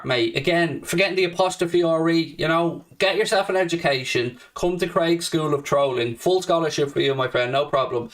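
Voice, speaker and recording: A brash young Irish man hosting a live fan stream, trading cheeky, swearing banter with viewers. His voice sits a touch high for a man. He is set back a little from the mic. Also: moderate pace, few pauses, a bit bright, far from the mic. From Ireland. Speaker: host. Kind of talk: live-stream chat reading comments.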